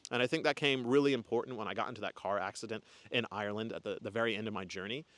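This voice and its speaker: A man's voice: on the low side, racing, fairly bright tone. A young man talking casually and earnestly to camera, rambling with fillers and restarts as he reflects on his year. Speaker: spiritual content creator. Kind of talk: casual reflective vlog talk.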